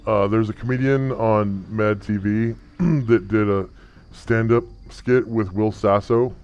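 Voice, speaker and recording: Gm guy on a voice changer, slow and lowish, kinda muffled lo-fi sound. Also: fairly even intonation, a little mellow. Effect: pitch-lowering voice changer. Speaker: game master. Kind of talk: casual tabletop game chat.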